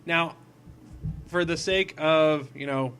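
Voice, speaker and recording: A gaming video host plays a puzzle platformer in a casual let's-play, speaking slowly in a clean, fairly bright, higher-pitched male voice. He's goofy and rambling, often poking fun at himself.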